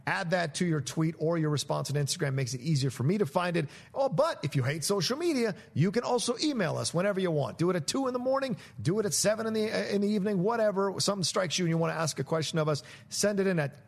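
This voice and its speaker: A man hosts a casual movie podcast, his voice sitting a touch higher than most men's. He talks in a jokey, effusive way and piles on the praise. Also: expressive, fast talker, creaky, hardly any pauses. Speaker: podcast host.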